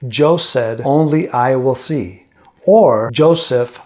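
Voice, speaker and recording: A man's voice: medium pitch, slow pace, darkish tone. A man narrating and explaining his own paranormal session recordings, interpreting what he hears. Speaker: paranormal investigator. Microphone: studio mic for narration.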